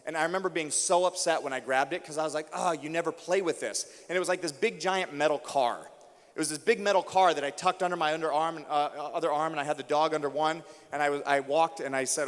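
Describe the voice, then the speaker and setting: Man speaking with long hall reverb. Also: a little high. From United States. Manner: builds emotion with repeated refrains. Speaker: keynote speaker for teachers. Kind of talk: motivational keynote storytelling. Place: large school auditorium.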